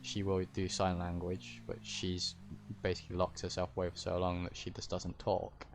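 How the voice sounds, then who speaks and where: A man with a deep-ish, fairly low voice talks casually to his stream viewers as a roleplay streamer. He explains things in a rambling, hesitant way, stopping and restarting his thoughts. A faint hiss sits under his voice. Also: level tone, normal speed, vocal fry.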